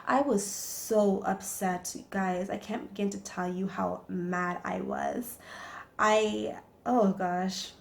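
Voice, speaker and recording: Young woman vlogger, casual storytime, gravelly fry on her voice, chatty and animated. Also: medium pitch, slow pace. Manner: animated, chatty, many fillers.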